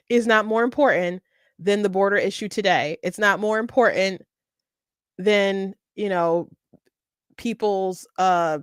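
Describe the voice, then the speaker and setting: A woman's voice: mid-range voice, no echo, clean studio sound. Emphatic woman political commentator. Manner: emphatic, repeats phrases, laughs often.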